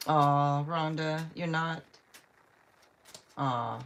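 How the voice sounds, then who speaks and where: A woman's voice: low-pitched, drawn-out words. A woman giving a live tarot reading, chatting with viewers by name and reading out cards, with frequent laughs. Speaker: tarot reader.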